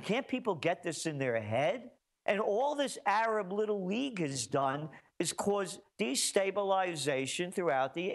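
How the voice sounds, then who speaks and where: A man speaking as a guest, giving heated, emphatic political commentary full of rhetorical questions. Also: sits high.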